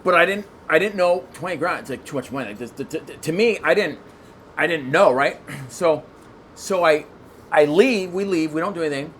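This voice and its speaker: A man who is a guest on a podcast, telling a long story in casual chat, excitable and rambling, with lots of restarts. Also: on the high side, normal speed, a little hiss or hum.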